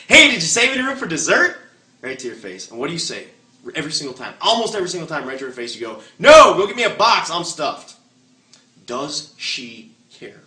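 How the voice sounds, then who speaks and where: A man rattles through a motivational sales training talk at a fast clip, his voice low-pitched but sharp and forceful. He jokes and throws rhetorical questions at the room. The recording picks him up from far off in an echoey meeting room. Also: slight background noise. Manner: energetic, joking, fires rhetorical questions.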